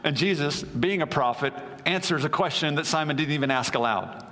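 A man's voice: on the high side, brisk, bright, forceful tone, in a large hall. A male pastor preaching a sermon, telling a story conversationally with asides to the congregation.

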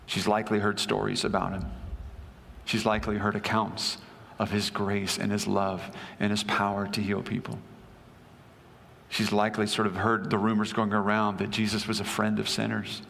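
A man's voice: on the low side, monotone, normal speed, gravelly, a bit bright, in a large hall. A male pastor preaching a sermon, telling a story conversationally with asides to the congregation.

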